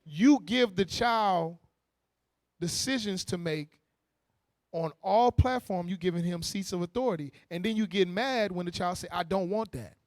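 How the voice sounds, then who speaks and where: A man preaching a sermon in a lively, conversational way, using with slang, quick restarts and playful mocking asides. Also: high-pitched, no room sound, studio quality. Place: church meeting hall.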